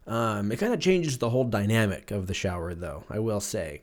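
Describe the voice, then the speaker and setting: Profane thirty-something podcast host rambling. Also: male voice, on the low side, expressive, normal speed, few pauses. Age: 30s. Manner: loose, profane, jokey storytelling. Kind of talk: casual solo podcast rambling.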